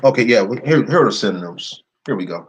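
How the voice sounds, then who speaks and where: A man hosting an online video, slowly reading long word lists off his screen and breaking in with blunt, indignant remarks. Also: fairly low pitch, expressive, husky. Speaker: video host. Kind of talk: screen-share commentary reading from a list.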